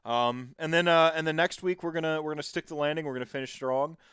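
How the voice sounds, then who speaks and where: Rambling male podcast host, smooth voice. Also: fairly high pitch, steady tone, quick pace, fairly bright tone, dry recording, clean studio sound. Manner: rambling, digressive storytelling. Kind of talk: casual podcast chat.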